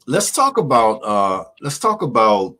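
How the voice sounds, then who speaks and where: A man's voice: medium pitch, huge pitch swings, unhurried, noisy background. A man hosting a casual radio interview, laid-back and often chiming in with short replies. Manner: laid-back, frequent backchannels. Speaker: radio show host.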